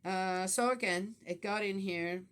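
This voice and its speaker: In a smooth, mid-range voice with a fairly bright tone and measured pace, an older woman vlogs about her family and faith. She has grandchildren, and her casual spiritual musing wanders, with frequent fillers and restarts.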